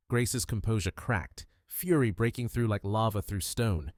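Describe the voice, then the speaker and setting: A man reading a mystery audiobook with measured, dramatic storytelling. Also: on the low side, no echo, clean studio sound. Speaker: narrator. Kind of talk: scripted audiobook narration of a mystery.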